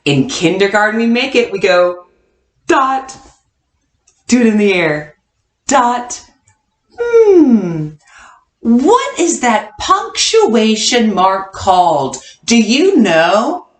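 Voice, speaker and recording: A woman teaching a kindergarten class online, coaxing answers with slow, sing-song hints. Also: mid-range voice, big pitch swings. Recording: echoey room.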